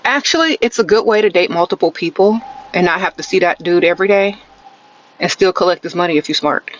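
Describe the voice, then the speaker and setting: A woman's voice: lowish voice, steady tone, fairly quick, muffled recording, slight background noise. Sassy woman streaming advice from her car. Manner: sassy, blunt, tagging lines with "okay?"; sarcastic, teasing catchphrase "sprinkle, sprinkle". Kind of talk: live-stream dating advice, answering comments. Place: inside a car. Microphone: phone held close.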